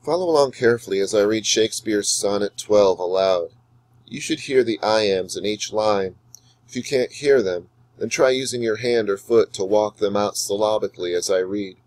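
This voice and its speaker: A man with a lowish voice gives a recorded lecture on poetry, explaining meter in a measured, explanatory way. When he reads the verse he slows right down and lingers on each line. The sound is dry and close, with no room echo. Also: darkish tone. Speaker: English teacher.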